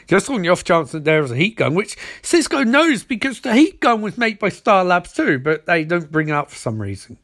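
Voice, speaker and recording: A man's voice: high-pitched, very animated, a little fast, few pauses, fairly bright tone. A man casually recapping a TV episode, making wry, mocking asides and briefly mimicking the characters as he goes.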